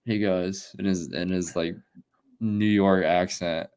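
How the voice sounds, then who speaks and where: Deep-voiced man in casual sports chat. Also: steady tone, takes it slowly, darkish tone, smooth. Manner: rambling, laughs often, swears casually. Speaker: podcast co-host.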